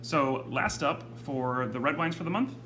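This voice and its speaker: A man's voice: a little high, expressive, measured pace, pushed and bright, slight background noise. A man hosting a wine club video, chatting casually with lots of ums and self-corrections. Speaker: wine shop host presenting monthly wine club picks. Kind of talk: casual video talk to camera.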